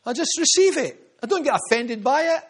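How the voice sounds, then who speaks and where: A Scottish pastor preaches a sermon to his congregation, hammering points home through repetition and dropping into quiet asides. His voice is very high-pitched with lively intonation, and he speaks a little fast.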